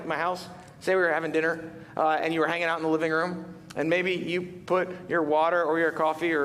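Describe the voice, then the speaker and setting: A man preaches from the pulpit in a high, lively voice, retelling a story with animated asides and rhetorical questions to the congregation. His voice rings out in a reverberant church hall. A faint low rumble sits underneath. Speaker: pastor. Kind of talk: sermon. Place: church sanctuary.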